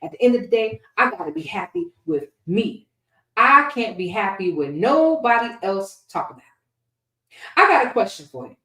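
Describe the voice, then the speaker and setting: A woman's voice: on the high side, a bit bright. A woman answering interview questions in a casual, preachy and defiant way. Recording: echoey room, far from mic.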